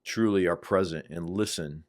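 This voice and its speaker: A man hosting a podcast, asking thoughtful follow-up questions in a measured way and summing up points. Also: low-pitched. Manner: measured, affirming, sums up and asks follow-ups. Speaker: podcast host. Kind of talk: interview questions and reflection.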